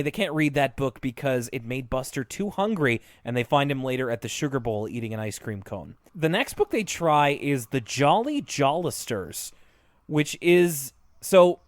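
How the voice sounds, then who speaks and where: A man co-hosting a podcast in casual chat, retelling cartoon scenes in an animated way, with lots of fillers and laughs. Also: mid-range voice, no echo, clean studio sound. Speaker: podcast co-host.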